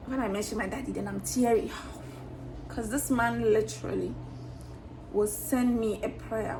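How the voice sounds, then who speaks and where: Exuberant young woman with a gravelly voice. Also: medium pitch, background noise. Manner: exuberant, candid, laughs often, swears casually. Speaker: vlogger. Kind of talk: casual to-camera vlog.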